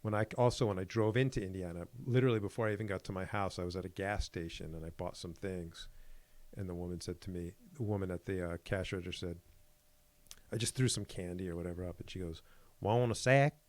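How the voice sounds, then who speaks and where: A man's voice: low voice, fast. A middle-aged man co-hosting a podcast, telling stories casually and acting out little exchanges. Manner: animated storyteller, acts out exchanges. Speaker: podcast co-host.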